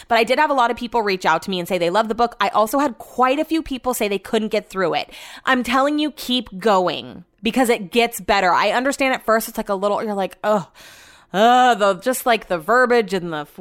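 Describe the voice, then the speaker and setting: A woman's voice: fairly high pitch, fairly bright tone. A young woman chatting casually, telling a story and swearing freely, with the quotes acted out in a raised voice. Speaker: vlogger.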